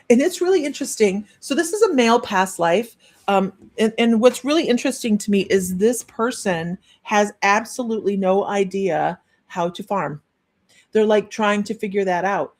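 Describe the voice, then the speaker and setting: A middle-aged woman giving a live-streamed psychic reading, chatty and rambling with many pauses and restarts. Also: mid-range voice, darkish tone. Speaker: psychic medium.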